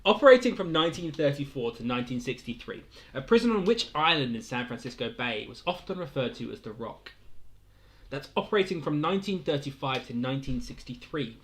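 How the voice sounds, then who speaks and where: A man's voice: medium pitch, lively intonation, brisk. A young man casually hosting a weekly livestream quiz, rambling between questions and chuckling often. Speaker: quiz host.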